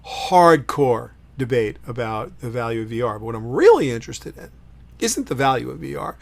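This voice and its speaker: A middle-aged man hosting a solo livestream, talking in an opinionated, emphatic way, swinging between loud punchy lines and quiet asides. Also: medium pitch, sing-song, moderate pace, creaky. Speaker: host.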